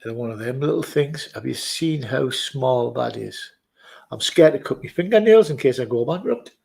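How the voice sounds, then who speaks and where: A man's voice: medium pitch, lively intonation, normal speed, creaky, darkish tone, rough recording. A man at his office desk, chatting casually to camera in a jokey, rambling way with muttered asides. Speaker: vlogger.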